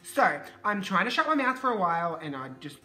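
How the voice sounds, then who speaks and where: A woman from Australia with an Australian accent, telling a storytime on her vlog with animated, profane ranting. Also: medium pitch, brisk, faint music behind. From Queensland, Australia. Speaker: vlogger.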